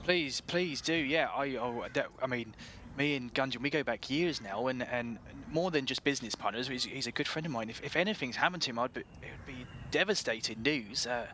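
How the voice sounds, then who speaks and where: A man's voice: mid-range voice, brisk, few pauses, sharp tone, lightly acted. Older male shopkeeper with a West Country accent, chatty and kindly, voiced by a man, light hiss behind. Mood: worried. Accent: West Country English. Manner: chatty, apologetic, rambling.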